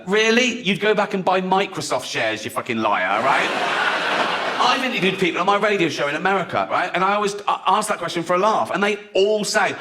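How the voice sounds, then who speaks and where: A man's voice: high-pitched, animated, quick pace, bright, forceful tone. A man doing a stand-up comedy set in a chatty way. He tags lines with "right?", laughs at his own jokes and mocks other people's voices.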